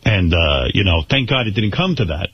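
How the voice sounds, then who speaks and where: Radio host guy telling a story, husky voice, does all the quotes himself, kinda dull broadcast sound. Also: sits low, moderate pace, no room sound. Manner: animated storytelling, acting out quoted dialogue, stammering restarts.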